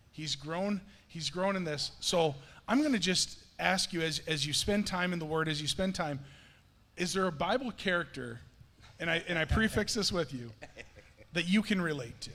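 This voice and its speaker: A male pastor talking with a guest in a church service, telling a lively story with many restarts and quick acted-out quotes. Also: on the high side. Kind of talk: conversational sermon interview. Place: church sanctuary. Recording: reverberant church hall.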